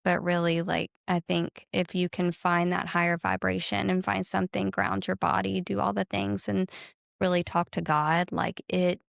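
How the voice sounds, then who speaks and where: A woman guest on a spiritual podcast, speaking calmly and affirmingly. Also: lowish voice, normal speed, vocal fry, no room sound, clean studio sound. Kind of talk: casual spiritual chat.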